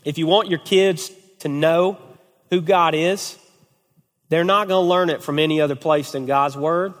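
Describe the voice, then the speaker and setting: A man preaching as a family pastor, his voice sitting a little high for a man. He tells stories in an animated way and keeps checking in with "okay?". His words carry with a long reverb through the church hall. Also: moderate pace. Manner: animated storytelling, repeated "okay?". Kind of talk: sermon to a men's group.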